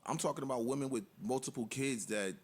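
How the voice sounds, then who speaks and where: A man on a discussion panel who pushes back on the others and talks in quick rushes. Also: medium pitch, a loud crowd. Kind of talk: panel debate.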